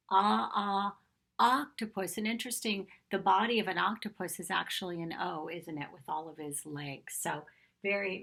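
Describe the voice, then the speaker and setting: A woman's voice: on the low side, vocal fry, a bit bright. A woman teaching a phonics lesson to young children, patiently sounding out letters and vowel sounds and praising them often. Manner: encouraging praise directed at children. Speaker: kindergarten teacher.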